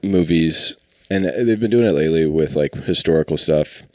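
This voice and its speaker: A low-voiced man co-hosting a comedy podcast, making dry, offhand jokes. The sound is close-miked and dry. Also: normal speed, darkish tone, no echo. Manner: dry, bits of silly impressions. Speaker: podcast co-host. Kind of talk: casual comedy chat.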